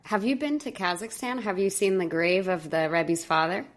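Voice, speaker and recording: A woman hosting a podcast interview, a lively storyteller who acts out the voices in her stories. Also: on the low side, normal speed. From New York. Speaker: podcast host.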